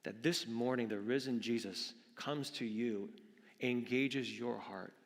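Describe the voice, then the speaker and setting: Pastor guy preaching, earnest, keeps saying friends, voice booming around a big echoey church. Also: a little slow, gravelly. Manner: earnest, repeats words, calls listeners friends. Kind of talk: sermon. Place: church sanctuary. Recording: long reverb of a large hall.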